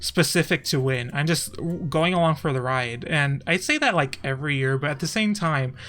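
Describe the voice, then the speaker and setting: A man's voice: fairly high pitch, normal speed, pushed and bright, faint music behind. A young man from Texas chatting casually on his stream, often laughing and trailing off mid-thought.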